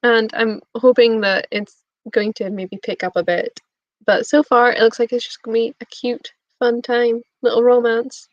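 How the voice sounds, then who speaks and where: A woman's voice: a little high, level tone, normal speed, dry recording. Giggly woman chatting on a stream. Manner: bubbly, giggly, reading out chat messages. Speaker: booktube streamer. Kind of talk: casual live-stream chat. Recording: dull lo-fi stream audio.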